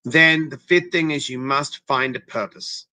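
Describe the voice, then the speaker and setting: A man's voice: medium pitch, measured pace, sharp tone, no room sound. A man giving an emphatic, coaching-style interview as a guest interventionist, often checking in with "okay?" and "right?". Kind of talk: motivational interview talk.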